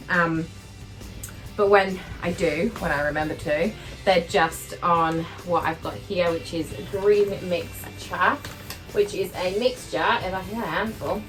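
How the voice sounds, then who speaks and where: A woman's voice: on the low side, steady tone, moderate pace, a bit bright. A young Australian woman vlogging casually about her horses, chatty and rambling with plenty of ums and likes, filming herself on a handheld phone. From Western Australia. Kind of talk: casual vlog chat to camera. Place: inside a horse float during rain. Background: background music.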